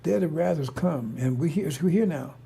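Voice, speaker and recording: A man's voice: fairly high pitch, animated, normal speed, vocal fry, warm tone, slightly rough. A middle-aged man giving a casual preaching monologue as a religious commentator, rambling and repetitive, blunt and profane.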